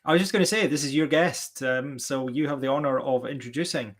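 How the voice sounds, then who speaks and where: A man co-hosts a podcast and tells stories with dry, wry humor. His voice has a plain middle pitch and a relaxed, conversational delivery. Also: fairly quick. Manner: wry, anecdotal storytelling. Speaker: podcast co-host. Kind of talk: casual podcast chat.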